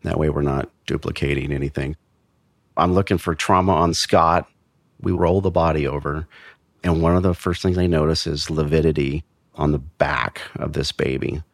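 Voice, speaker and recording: Deep-voiced male investigator, plain blunt storyteller, dry close sound. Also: fairly even intonation, creaky, dry recording. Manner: measured, blunt, with frequent restarts. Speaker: former investigator recounting a case. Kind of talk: true crime storytelling.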